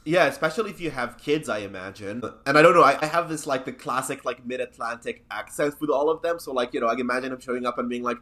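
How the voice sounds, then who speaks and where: A man's voice: medium pitch, quick pace, hardly any pauses, pushed and bright. A man hosting a podcast in casual chat, sardonic and rambling. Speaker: podcast host.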